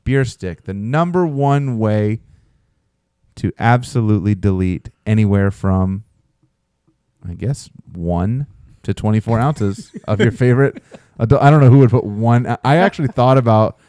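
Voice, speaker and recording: A man's voice: lowish voice, normal speed, warm tone, clear, resonant tone, no room sound, clean studio sound. A young man co-hosting a casual podcast, reading a sponsor spot in a jokey, rambling way. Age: young adult. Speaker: podcast co-host.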